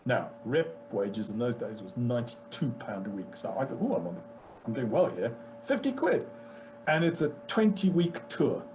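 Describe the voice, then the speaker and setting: A British actor spins his career anecdotes in a lively, swooping voice that climbs and dips as he slips into the people he quotes. His tone is mellow and warm, with faint music underneath. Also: mid-range voice, moderate pace, poor audio. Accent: British English. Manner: animated anecdotal, acts out quoted exchanges. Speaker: guest actor. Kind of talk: casual storytelling.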